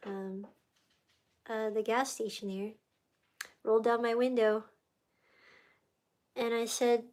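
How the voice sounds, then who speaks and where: A woman hosting a livestream, telling a faith story in a rambling, emotional way and easily sidetracked. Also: on the high side. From United States. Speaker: livestream host. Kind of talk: casual faith testimony livestream.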